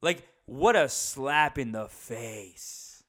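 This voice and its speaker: A man's voice: medium pitch, animated, very slow, a bit bright. A young man talking to the camera in a rambling, casual monologue, swearing and chatting with many fillers and restarts. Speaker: vlogger. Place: indoors at his parents' house.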